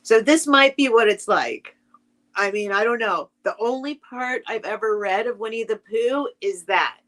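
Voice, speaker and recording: A woman's voice: on the high side, animated, moderate pace, fairly bright tone. A woman hosting a casual live stream, reading a children's book aloud and chatting with her viewers in a rambling, sentimental way. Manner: sentimental, gets emotional over the text.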